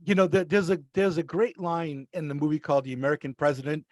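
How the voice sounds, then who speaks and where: Earnest, thoughtful man, fairly high voice. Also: fairly even intonation, fast, a little mellow, no room sound. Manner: thoughtful, earnest, repeats words as he builds a point. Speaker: podcast guest. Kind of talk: casual chat.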